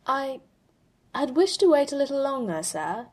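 A polite male AI butler, read by a woman, formal and soft-spoken. He sounds hesitant and careful, addressing his maker with quiet courtesy. It is a storybook reading. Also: high-pitched, very animated, moderate pace, voice pushed up.

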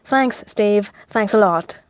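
A woman's voice: medium pitch, slow pace, no room sound, muffled recording, lightly acted. A woman reading a story aloud, voicing a brash, sarcastic grown man who complains a lot.

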